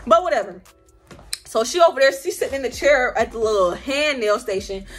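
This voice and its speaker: Animated young woman telling a storytime vlog. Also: a little high, brisk, soft background music. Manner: animated, slangy storytelling with quoted voices. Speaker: vlogger.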